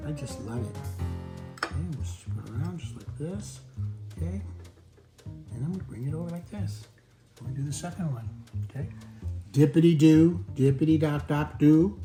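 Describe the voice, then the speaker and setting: A man's voice: on the high side, expressive, normal speed, pauses often, warm tone. Playful chatty man hosting a cooking show. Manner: playful, chatty, talks straight to viewers. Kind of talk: casual cooking demonstration. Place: home kitchen. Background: background music.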